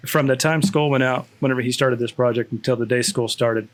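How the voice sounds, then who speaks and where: A man's voice: medium pitch, fairly even intonation, brisk. A man, a school district network specialist, chatting casually with many restarts and fillers. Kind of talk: casual chat.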